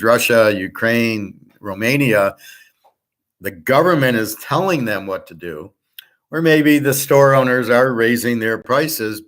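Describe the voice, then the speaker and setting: A man's voice: mid-range voice, fairly bright tone. A man hosting a casual monologue, talking bluntly and rambling, with the odd swear word. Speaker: host.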